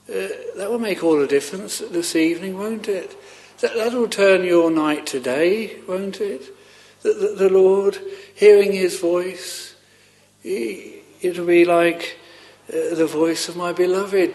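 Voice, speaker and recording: Earnest, halting preacher man, slow delivery. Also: a little high, darkish tone. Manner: halting and earnest, with frequent repeated words and restarts; fervent, rising on pleading questions. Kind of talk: sermon.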